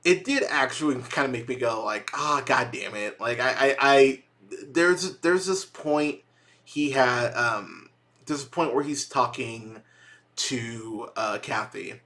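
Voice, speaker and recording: A man's voice: medium pitch, slow pace, a bit bright. A young man hosting a movie review podcast, talking casually and profanely in a rambling, exasperated way with lots of restarts.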